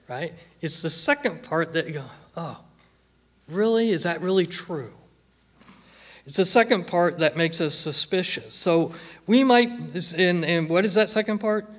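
A male pastor delivering a sermon at an unhurried pace. He speaks in a slightly raised register, stressing and repeating phrases to drive points home. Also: a little high, fairly bright tone. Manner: slow, emphatic preaching with repeated phrases.

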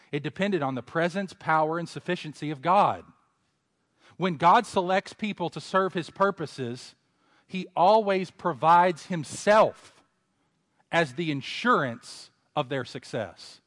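A man preaching in a big room with a long echo, his voice sitting a little high for a man. He talks his way through the text casually, correcting himself as he goes. Then he climbs into loud, driving exhortation before dropping back down low. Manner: conversational asides and self-corrections. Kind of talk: expository sermon.

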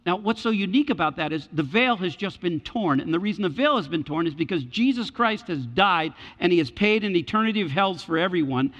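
A man's voice: sits high, lively intonation, a little fast, few pauses, a bit bright. A man preaching a sermon as pastor, building in fervor and speaking straight to his congregation. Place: church sanctuary. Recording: dull echoing church hall.

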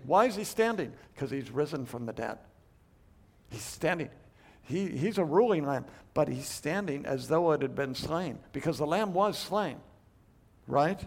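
Man with a higher voice giving a bible study lecture, gets loud then goes quiet, lots of restarts and questions. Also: animated, vocal fry. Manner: emphatic, swinging between loud stresses and hushed asides; thinks aloud with quick restarts and rhetorical questions. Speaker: Bible teacher.

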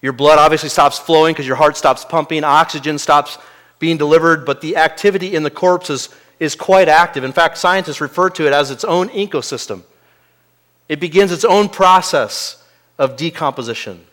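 A man preaching a sermon in an earnest way, moving between quiet asides and loud, emphatic peaks. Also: on the high side, moderate pace.

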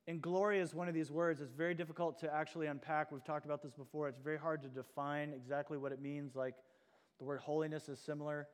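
A man's voice: on the high side, flat delivery, fast, clear, resonant tone, long reverb tail. A man preaching a sermon as pastor, earnest and emphatic. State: out of breath.

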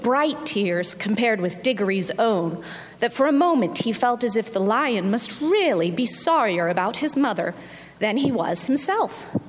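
A woman reads a storybook passage aloud with a bright, higher voice that moves a lot in pitch. She takes her time over each phrase. Her voice rings with the long reverb of a church hall. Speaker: congregation member reading aloud.

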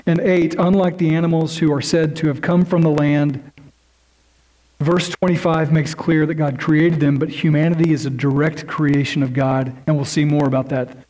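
A man's voice: on the high side, flat delivery, moderate pace, darkish tone, poor audio. A man preaching a sermon in an earnest, emphatic way, building points through lists and repetition. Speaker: pastor.

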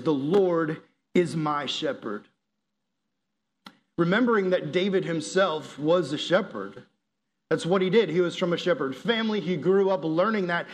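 A young man from the United States giving a casual youth sermon, telling stories in a joking, slangy way. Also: high-pitched. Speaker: youth pastor.

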